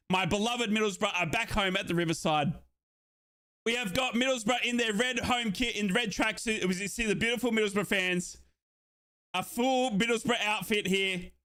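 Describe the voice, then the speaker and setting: An Australian man hosts a live football watchalong with a chatty, excitable delivery that sometimes breaks into shouted hype. His voice sits fairly high and sounds bright and punchy. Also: moderate pace. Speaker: watchalong streamer host. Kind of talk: live football watchalong commentary, reading chat aloud.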